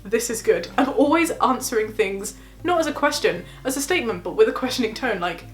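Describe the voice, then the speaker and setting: Young adult female vlogger, bubbly and expressive, slightly high voice, quick laughs; faint music underneath. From England. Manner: animated, laughs often, acts out quotes in high voices. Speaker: PhD student vlogger. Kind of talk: casual reaction vlog.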